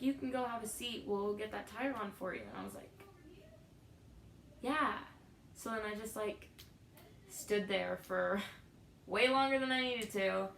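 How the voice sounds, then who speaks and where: Poking fun at herself, this vlogger recounts her day and performs the quotes of the people involved. She speaks at medium pitch with a slightly bright tone, though the audio is poor, reverberant, and carries slight background noise.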